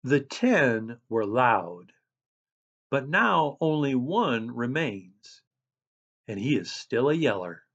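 Animated, unhurried man preaching a sermon. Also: mid-range voice, lo-fi sound. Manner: animated preaching, calls himself a loud person. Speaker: pastor.

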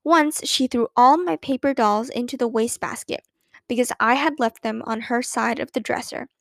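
A woman's voice: fairly high pitch, moderate pace, creaky, a bit bright, dry recording, clean studio sound. A woman voicing a playful grown-up aunt who recalls childhood mischief in a storybook reading. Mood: amused.

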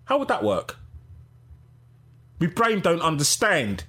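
A middle-aged man hosting a casual live-stream podcast, reading out chat and giving shout-outs. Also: fairly high pitch, huge pitch swings, takes it slowly, slightly rough. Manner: chatty, gives shout-outs, laughs easily.

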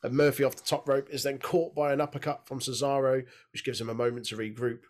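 A man hosting a casual podcast, recapping a wrestling show with lots of swearing and high laughing outbursts, on a desk mic with headphones. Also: flat delivery, fast talker. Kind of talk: casual chat.

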